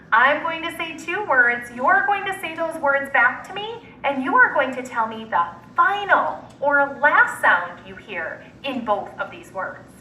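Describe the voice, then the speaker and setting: Slow, high-voiced woman teaching phonics. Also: pushed and bright, reverberant, distant mic, slight background noise, rough recording. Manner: slow, deliberate word-by-word enunciation. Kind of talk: phonics drill lesson.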